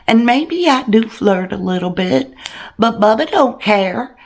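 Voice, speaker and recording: A flirty, giggly country gal with a thick drawl, as a woman puts her on for a comedic monologue. She talks slowly and lazily. Her pitch leaps high and dives low from one phrase to the next. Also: animated. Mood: gossipy. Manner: slow drawl with wildly swooping pitch. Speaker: channel host in a character.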